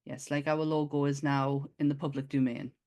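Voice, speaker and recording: A woman co-hosting a podcast in a casual chat, lively and quick to laugh. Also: very deep voice. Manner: lively, laughs often, exclaims. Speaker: podcast co-host.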